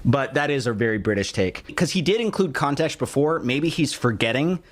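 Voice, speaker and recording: A man's voice: medium pitch, expressive, normal speed. An American man giving casual, joking commentary on a clip, defensive at times and swearing casually. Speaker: YouTuber reacting to a clip.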